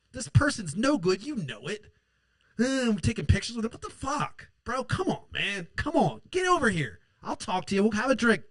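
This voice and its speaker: A man's voice: high-pitched, a bit bright, no echo. A man hosting a political show, ranting angrily and sarcastically, swearing constantly and mocking opponents in put-on quotes. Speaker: political podcast host. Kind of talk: profane political rant.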